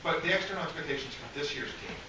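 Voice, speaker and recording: Male reporter, rapid, hesitant, rephrasing, far from mic in an echoey room with noise. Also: on the high side, bright, forceful tone.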